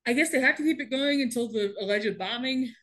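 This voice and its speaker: A woman with a bright, slightly high voice recaps a show in casual chat. She laughs often and swings into quick impressions of the characters. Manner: animated, laughing often, acts out characters' lines. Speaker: podcast co-host recapping a TV episode.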